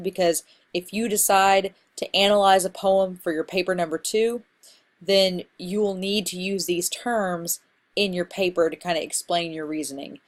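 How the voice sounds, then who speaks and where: A woman instructor giving a casual recorded lecture on poetry terms, explaining in a relaxed, conversational way with fillers. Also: medium pitch. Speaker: college literature instructor.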